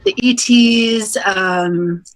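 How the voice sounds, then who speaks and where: A woman's voice: mid-range voice, extremely slow. A woman hosting an interview, speaking in a reflective, conversational way. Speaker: host. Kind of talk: casual interview talk.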